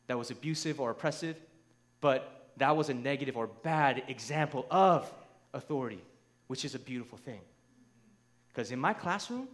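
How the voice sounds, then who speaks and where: A man with a high voice preaches a sermon. He talks conversationally, often checking in with his listeners, and drives his points home with rising, emphatic force. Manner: emphatic, rising to near shouts; conversational, asks the crowd "right?".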